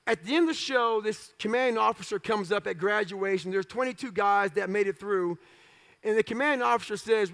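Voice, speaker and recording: A man with a strikingly high, gravelly voice tells his story in short, blunt, profane bursts. His delivery is forceful, with sudden loud outbursts. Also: fairly quick. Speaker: motivational speaker. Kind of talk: storytelling talk.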